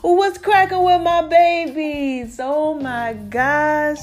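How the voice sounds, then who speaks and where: A woman hosting her own podcast, talking to listeners in a chatty, affectionate, drawn-out way with lots of asides. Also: high-pitched, fairly even intonation, faint music behind. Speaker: podcast host. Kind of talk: casual podcast monologue.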